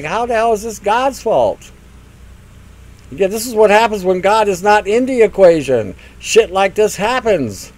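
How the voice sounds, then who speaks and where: A man's voice: high-pitched, very animated, a little slow, rough recording. An older man hosting a radio talk show, ranting in a mocking monologue and acting out silly voices. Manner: mocking, acts out silly voices, laughs at own jokes.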